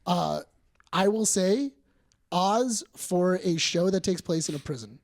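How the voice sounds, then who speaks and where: A woman co-hosting a casual podcast, telling a story with lively energy and acting out the quotes. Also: a little slow. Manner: animated storyteller who acts out quotes with big jumps in pitch and volume. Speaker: podcast co-host.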